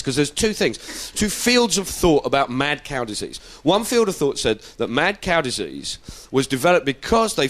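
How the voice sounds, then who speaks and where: Animated comedian. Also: male voice, a little high. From South London. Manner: cheeky, animated, swearing, mimicking people. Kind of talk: stand-up comedy.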